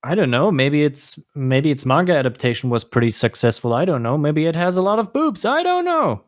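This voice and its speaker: German-accented male co-host, fairly high voice with lively pitch, halting delivery, dry close sound. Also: dry recording. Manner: hesitant, repeats words while searching for them. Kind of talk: casual podcast chat.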